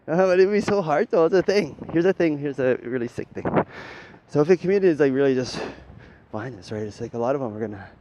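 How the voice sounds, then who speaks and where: Rambling, profane man with mid pitch. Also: dark tone, lo-fi sound, slight background noise. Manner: rambling, profane, tags lines with "right?", laughs often. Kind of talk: rambling monologue.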